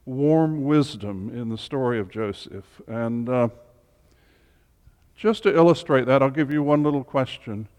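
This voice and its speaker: A man teaches a group in an informal way, chatting and tossing in humorous asides. He talks at an unhurried, deliberate pace at a middle pitch. His voice rings with a long reverb, as if he were in a large hall. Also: a little mellow. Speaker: Bible study leader.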